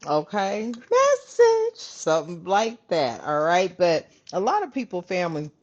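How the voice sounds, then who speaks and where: Low-voiced casual female card reader, lively swings, muffled home recording. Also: moderate pace. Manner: chatty, swears freely, calls viewers family. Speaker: tarot reader. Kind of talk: casual spiritual channel talk. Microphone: camera on her hands. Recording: dull lo-fi sound.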